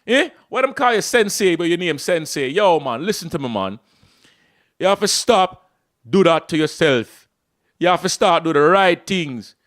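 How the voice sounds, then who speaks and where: A man putting on a loud, rough Jamaican country man. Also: a little high, sing-song, normal speed, dry recording, studio quality. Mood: scolding. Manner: loud, scolding rants full of rhetorical questions.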